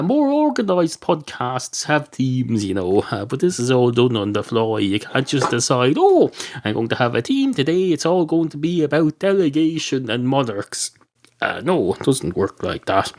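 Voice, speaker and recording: A man hosting a solo comedy podcast, rambling and correcting himself with many fillers. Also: mid-range voice. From Ireland. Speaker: podcast host.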